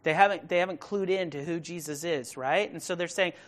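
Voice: mid-range voice, a little fast. Chatty, emphatic preacher. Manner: chatty, rhetorical questions, modern slang paraphrase; builds to loud emphatic bursts. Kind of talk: casual conversational sermon.

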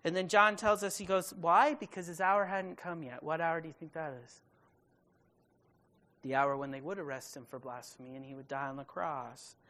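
Woman, Bible study teacher, fairly low voice, casual paraphrasing, emphatic slow stresses. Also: steady tone, fairly bright tone. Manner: reads scripture then paraphrases it in casual modern speech; emphatic, stretches key words slowly.

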